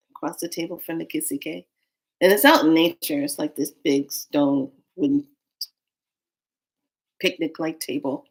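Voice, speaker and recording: Woman, low-ish voice, animated storyteller who voices the other people in the story and slips into whispers. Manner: drops to a hushed whisper for tense moments. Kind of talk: personal storytelling.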